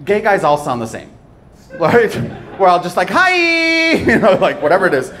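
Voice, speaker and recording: A man doing a live stand-up comedy set on a club stage, with a playful, animated delivery and pauses for laughs. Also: high voice. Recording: noisy live club recording.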